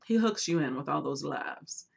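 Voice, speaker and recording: A woman hosting a casual book livestream, chatting animatedly and reading viewer comments aloud, swinging between lively bursts and quiet asides. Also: low-pitched, moderate pace, gravelly, slightly rough. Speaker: booktube host.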